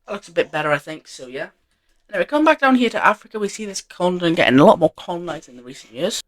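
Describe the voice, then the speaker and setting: A man's voice: sits high, big pitch swings, rapid-fire, a bit bright. A man narrating an alternate-history map in a casual, rambling way, full of fillers and offhand self-corrections.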